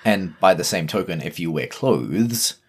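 A man's voice: deep voice, expressive, measured pace. A man with a New Zealand accent, co-hosting a podcast in a casual, emphatic discussion. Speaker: podcast co-host.

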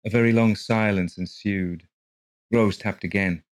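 Male narrator for a ghost story; low, steady and measured, dry sound. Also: no room sound.

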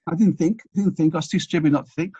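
Fast-talking husky older Englishman. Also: fairly high pitch, dark tone, no echo. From England. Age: 60s. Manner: rambling, anecdotal, many restarts. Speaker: guest. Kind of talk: casual storytelling interview. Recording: dull, dry lo-fi recording.

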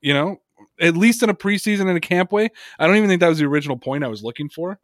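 A man's voice: a little high, lively intonation, rapid-fire, no echo, studio quality. A man co-hosting a sports podcast, talking casually and emphatically, repeating words for effect. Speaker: podcast co-host.

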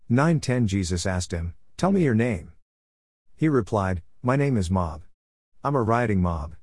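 A man reading the Bible aloud in a measured, steady delivery, announcing verse numbers as he goes. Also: fairly low pitch, no echo, clean studio sound. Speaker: Bible reader.

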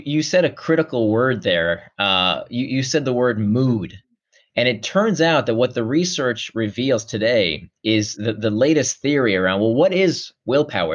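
A man explaining his ideas as an interview guest, lively and animated, jumping into a higher voice to act out feelings. The recording is a little muffled and lo-fi. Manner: animated, acts out quoted feelings in a raised voice. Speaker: author guest.

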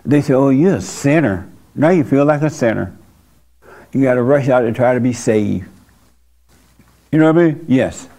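A man's voice: mid-range voice, moderate pace, pauses often, mellow. A male pastor speaking to his congregation in a loose, conversational way. His delivery is blunt and folksy, full of casual asides and direct questions to the room. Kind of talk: informal church talk with congregation.

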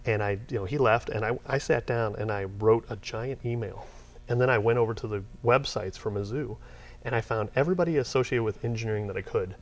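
A middle-aged man, a software company owner telling stories in a casual interview, rambling and getting worked up as he goes. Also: fairly low pitch, a little fast. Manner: rambling, animated, gets worked up retelling.

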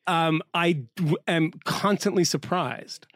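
A man co-hosting a podcast in casual chat, telling lively stories and mimicking accents, with a few swears. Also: on the high side, takes it slowly, no echo, studio quality. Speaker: podcast co-host.

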